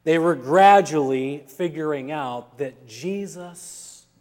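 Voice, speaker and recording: A man's voice: a little high, slow, darkish tone. A male pastor preaching a sermon in a church, telling a humorous story and acting out the dialogue. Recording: long reverb of a church hall.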